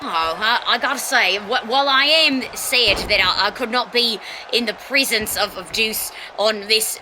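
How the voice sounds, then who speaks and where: A woman playing an excitable woman fan and contest winner who sits in as a guest commentator on an improvised comedy wrestling show, stammering eagerly. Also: mid-range voice, a little hiss or hum, poor audio.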